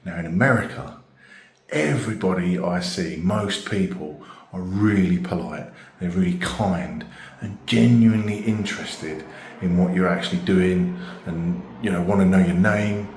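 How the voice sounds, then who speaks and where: A man's voice: sits low, a little slow, darkish tone. A British man talking casually and earnestly to camera in a vlog. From Britain. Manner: chatty, earnest, repeats "genuinely". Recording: echoey room with faint noise.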